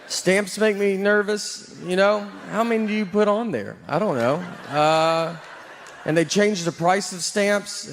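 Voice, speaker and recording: Male comic, dry rambling delivery, higher pitch, faint background hiss. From Nashville, Tennessee. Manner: deadpan, rambling with many fillers. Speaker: stand-up comedian. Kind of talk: stand-up set.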